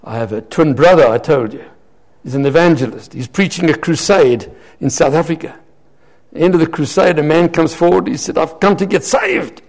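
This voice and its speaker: A man's voice: a little high, fairly quick, darkish tone. An older man preaching a sermon, telling anecdotes and acting out both sides of conversations. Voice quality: gravelly and husky.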